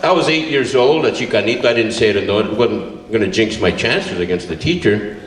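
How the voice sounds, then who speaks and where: A man in his seventies from California telling a childhood story to a live audience, chuckling and filling pauses as he goes. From California, USA. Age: 70s. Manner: animated, laughing, many fillers. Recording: roomy, distant live recording with faint rumble.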